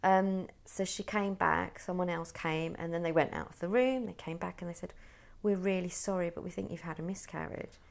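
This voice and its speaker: A woman's voice: on the low side, normal speed, gravelly, few pauses. A woman who is a podcast guest, vividly retelling a personal story and acting out the people in it. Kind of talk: personal conversation.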